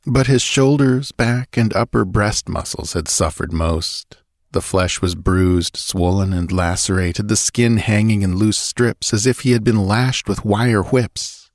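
A man narrating an audiobook in a measured, even storytelling manner on a close mic. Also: on the low side, no room sound. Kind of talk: scripted narration.

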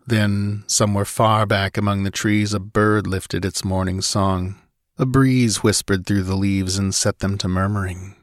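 A man narrating a story aloud in a measured storytelling manner, recorded close to the mic. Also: lowish voice, fairly even intonation, no echo. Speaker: audiobook narrator. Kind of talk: scripted narration.

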